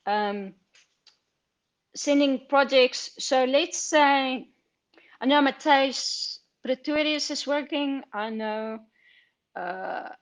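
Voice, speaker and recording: A woman talks slowly in a fairly high voice, with plenty of fillers and asides. She sounds candid and chatty as a film editor answering questions. Her voice comes through a video call. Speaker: film editor, guest speaker. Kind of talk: online Q&A talk.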